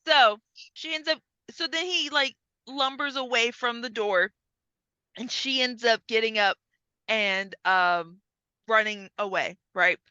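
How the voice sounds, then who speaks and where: Casual woman recapping a movie on a podcast, acts out scenes, swears a lot, high bright voice, dull dry recording. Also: slow pace, smooth, dry recording. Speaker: podcast co-host.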